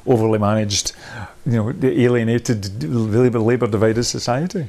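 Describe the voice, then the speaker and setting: A man of middle pitch leads a workshop, talking things through as they come to him. He circles back, restarts and laughs now and then, in a chatty, discursive way. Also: moderate pace, a little mellow. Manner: rambling, thinks aloud with many restarts. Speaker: workshop leader.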